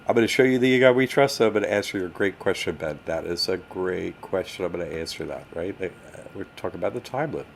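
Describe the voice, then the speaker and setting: A man with a somewhat low voice hosts a casual livestream and talks straight to his chat in animated bursts. He grumbles as he fumbles with his screen, and faint room noise sits behind him. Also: fast talker, vocal fry, hardly any pauses. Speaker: livestream host answering chat.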